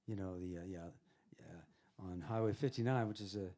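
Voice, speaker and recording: A man's voice: low voice, moderate pace, warm tone. A man who is a singer-songwriter, telling rambling anecdotes on stage between songs, chuckling as he goes. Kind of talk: casual storytelling on stage.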